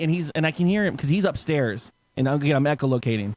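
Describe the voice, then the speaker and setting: A man's voice: a little high, animated, brisk, a little mellow, dry recording. A man telling a story in casual chat, laughing often and acting out quotes with swearing.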